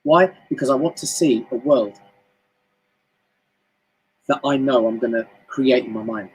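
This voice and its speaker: A man with a British accent giving a chatty, animated motivational talk on a home live stream, often jumping up high in pitch. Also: measured pace, slightly rough, low-quality recording. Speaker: motivational speaker. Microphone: home live stream mic.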